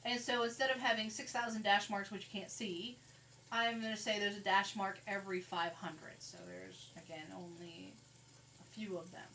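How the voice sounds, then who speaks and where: A woman's voice: medium pitch, fairly even intonation, normal speed, a bit bright, far from the mic, poor audio. A woman teaches a math lesson, talking plainly through each calculator step. Her voice sits a little back from the microphone, with a faint hiss underneath. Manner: conversational, walks through calculator steps. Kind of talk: recorded classroom lecture. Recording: faint noise, voice a bit off-mic.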